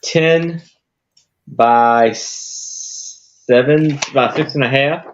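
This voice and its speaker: A man walks viewers through vintage pieces for sale on a live stream. He talks slowly, plainly and with some hesitation. His audio sounds a little dull. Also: mid-range voice, slight background noise. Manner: slow, plain, hesitant describing. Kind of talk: casual product description.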